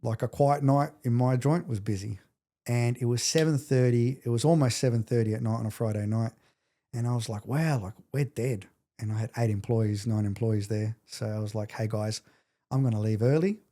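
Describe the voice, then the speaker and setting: This middle-aged podcast guest has a mid-range voice and talks at a normal speed. He tells an emotional story intensely and with animation, performing the quoted lines.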